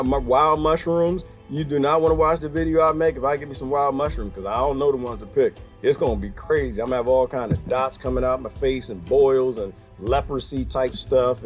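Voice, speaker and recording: A man chatting straight to his audience in a loose, comic monologue, his voice sitting a bit high for a man. He jokes, laughs at himself and wanders off into asides. Faint music plays under the recording. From United States. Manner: joking, animated, laughs often, rambling asides; addresses viewers as "people" and "y'all". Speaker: vlogger.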